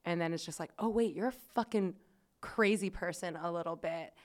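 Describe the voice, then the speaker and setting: A woman's voice: on the low side, a little fast. A woman podcast host telling a story in casual chat, chatty and swearing freely, with lots of "like" fillers.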